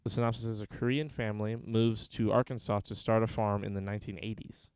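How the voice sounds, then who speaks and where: A man's voice: fairly low pitch, level tone, fast, a little mellow, clean tone, no echo. A man co-hosting a casual podcast, reading film synopses aloud with dry, sarcastic asides between them. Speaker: podcast co-host.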